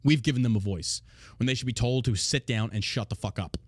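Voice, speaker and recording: A man hosting a podcast, talking in a blunt, heavily profane casual rant with loud, mocking outbursts. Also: mid-range voice, a little fast, husky, no room sound, clean studio sound. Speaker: podcast host.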